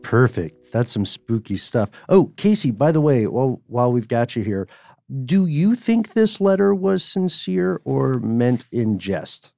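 A man hosting a podcast in casual, animated chat, often laughing. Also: medium pitch, measured pace, vocal fry, no room sound, soft background music. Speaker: podcast host.

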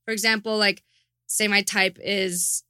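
A woman's voice: medium pitch, flat delivery, a little slow, pushed and bright, clean tone, no echo, clean studio sound. A young woman chatting as a podcast guest, easygoing, with lots of fillers. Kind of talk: casual chat.

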